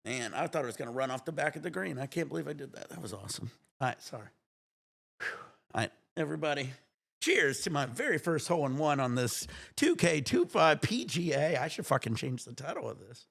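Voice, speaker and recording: A man chatting on his own livestream, excitable and swearing freely, with breathless exclamations between his remarks. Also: fairly high pitch, fairly quick, gravelly. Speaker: livestream gamer. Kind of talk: excited casual livestream chat.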